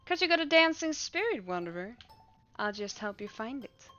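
A woman's voice: fairly high pitch, sing-song, moderate pace, a bit bright, highs cut off. A woman streamer reading a dance-loving game character's lines in an enthusiastic, coaxing way. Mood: encouraging. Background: faint game music.

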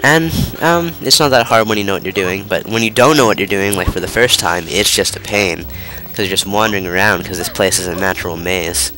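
He's a young man narrating his video game play, his low voice a little fast, bright, pushed, and nearly free of pauses. A cold leaves him stuffy and nasal, and his rambling, casual talk is full of fillers and self-interruptions as game music plays.

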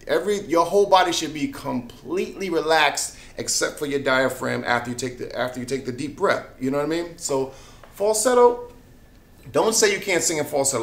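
A singing teacher gives a casual lesson, chatting with easy laughs between points and often asking "you know what I mean?". His voice is fairly high, gravelly and a bit bright. The room sounds echoey.

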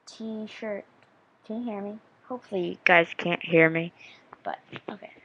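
A woman's voice: lowish voice, a little fast, pushed and bright, breathy edge, highs cut off. A young woman in her teens, casually vlogging, rambling and self-deprecating as she practices counting and saying words. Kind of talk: casual vlog chat.

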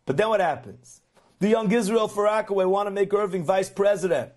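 High-voiced man telling a dramatic story. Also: a little fast. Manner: animated, dramatic storytelling with Hebrew and Yiddish words. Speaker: Torah lecturer. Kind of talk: storytelling lecture.

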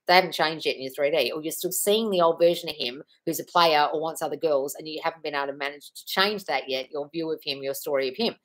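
A woman's voice: sits low, low-quality recording. A young woman hosting a live-stream Q&A, reading viewers' comments aloud and answering bluntly, swearing freely and calling people darling. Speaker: livestream host.

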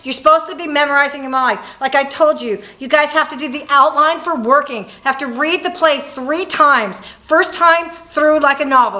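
A woman's voice: sits high, bright, forceful tone. A woman playing a frazzled, scolding acting teacher. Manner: exasperated, scolding, rapid-fire. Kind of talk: scripted comedy scene. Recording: echoey room.

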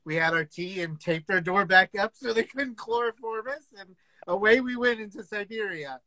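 A man hosting a casual interview on a video call, chiming in with eager, quick interjections. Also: high-pitched, sharp tone, dry recording. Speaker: interview host.

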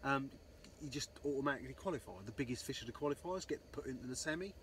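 A man's voice: medium pitch, fast, fairly bright tone, a little hiss or hum. A man telling a rambling fishing story, swearing constantly and saying "um, so anyway" a lot. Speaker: angler vlogger. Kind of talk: casual storytelling.

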